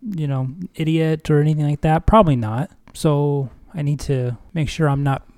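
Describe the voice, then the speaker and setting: Reflective man with a mellow voice. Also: on the high side, moderate pace. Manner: reflective, self-critical. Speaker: Bible study co-host. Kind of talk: casual discussion.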